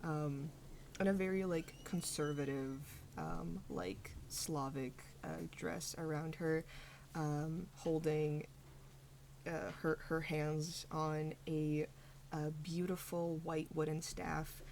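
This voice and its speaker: Low, gravelly woman game master. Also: flat delivery, slow pace, darkish tone, slight background noise. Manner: rambling, many fillers. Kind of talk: narrating a tabletop game.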